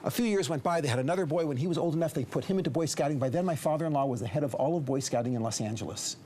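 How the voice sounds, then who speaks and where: A middle-aged rabbi from the United States giving a storytelling lecture, acting out dialogue and at times dropping to a whisper. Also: male voice, fairly high pitch, very fast, husky. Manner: lively storyteller who acts out dialogue and drops to a whisper.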